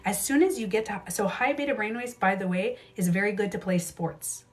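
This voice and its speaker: This beauty coach and livestream host speaks expressively and fairly quickly in a medium-pitched voice. Her casual stream is full of emphatic talk, repeated phrases, and free swearing, picked up by the camera mic.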